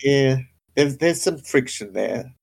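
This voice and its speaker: A man's voice: mid-range voice, animated, takes it slowly, gravelly. A man narrating a tabletop game as game master, casual and hesitant.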